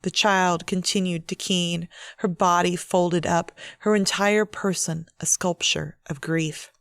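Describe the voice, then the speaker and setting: A woman author reading her own novel aloud in a measured, steady audiobook narration. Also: fairly low pitch, vocal fry, clean tone, no room sound, studio quality.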